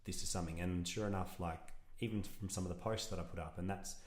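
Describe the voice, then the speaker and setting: Deep-voiced earnest man. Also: steady tone, fast talker, echoey room. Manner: earnest, reflective, rambling with restarts. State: emotional. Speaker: podcast guest. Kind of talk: casual conversational interview.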